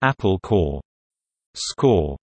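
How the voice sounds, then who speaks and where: A man reading slang terms and their meanings in a measured, deliberate teaching delivery. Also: low-pitched, sing-song, no room sound. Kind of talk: slow explanatory reading of word pairs.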